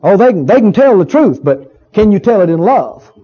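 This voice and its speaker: Brief: male pastor preaching with a high, mellow voice, folksy and emphatic, on a muffled recording. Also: very animated, normal speed, slightly rough. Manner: folksy, emphatic, repeats phrases. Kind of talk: sermon. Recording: dull lo-fi recording.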